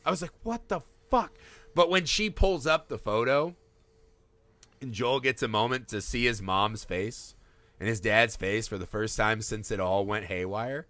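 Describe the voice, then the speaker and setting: A man in his thirties co-hosting a casual film podcast, animated and swearing freely as he acts out scenes. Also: fairly low pitch, normal speed, no room sound. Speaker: podcast co-host.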